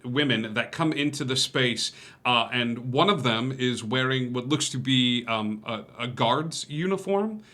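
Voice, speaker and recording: Bright-voiced man running a tabletop game. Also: mid-range voice. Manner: hesitant, many fillers and laughs. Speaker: game master.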